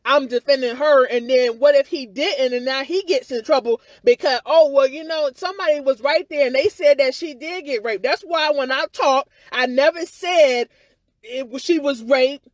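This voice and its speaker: A woman with a high voice speaks right into her phone outdoors, rambling in a frustrated, candid rant full of fillers and the odd curse. The sound is dry and close, with no room around it. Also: normal speed, no room sound. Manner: rambling and frustrated, full of "you know" and "or whatever", with occasional swearing. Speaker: vlogger giving her side of a viral incident. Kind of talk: candid livestream-style rant. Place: outdoors outside her house.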